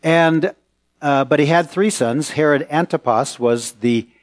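A middle-aged male pastor preaching a sermon, telling stories in an animated way with quick laughs. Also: on the high side.

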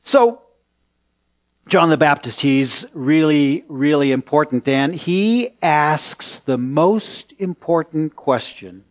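A middle-aged male pastor preaching a sermon, telling stories in an animated way with quick laughs. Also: on the high side.

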